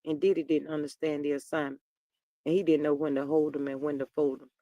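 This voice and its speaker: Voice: medium pitch, flat delivery, mellow, no room sound, dull audio. Sassy livestream gossip host, dry close sound. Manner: chatty, sassy, reads viewer comments aloud; peppers talk with "child" and drawn-out "mm, mm". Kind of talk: casual gossip commentary on a livestream.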